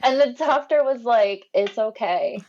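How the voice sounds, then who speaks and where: A woman telling her own story casually on a podcast, animated, acting out what people said with lively voice changes and frequent laughs. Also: on the high side, measured pace, muffled recording.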